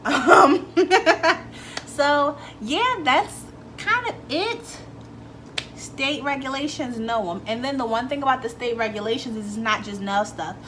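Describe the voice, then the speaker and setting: A young woman vlogging casually, telling a story in a chatty, animated way, swearing freely and acting out what people said. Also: sits high, slow pace, slight background noise. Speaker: beauty vlogger.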